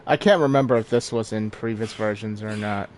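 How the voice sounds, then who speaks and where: A man's voice: fairly low pitch, brisk, a little hiss or hum. A man giving casual, self-deprecating live commentary while streaming a game, chuckling often.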